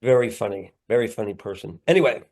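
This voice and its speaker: Gravelly man rambling earnestly. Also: lowish voice, quick pace, darkish tone. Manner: rambling, earnest, playful asides. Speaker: guest comedian and actor. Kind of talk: candid podcast interview.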